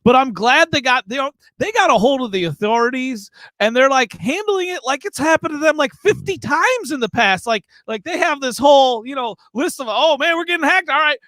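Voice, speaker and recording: Very high-voiced, bright male co-host. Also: brisk, few pauses, dry recording. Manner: animated, rambling, many fillers. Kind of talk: casual podcast chat.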